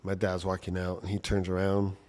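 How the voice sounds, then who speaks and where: A man's voice: deep voice, monotone, fairly quick, a little mellow. A man casually telling a personal story from childhood, talking conversationally with lots of "like" and "right?".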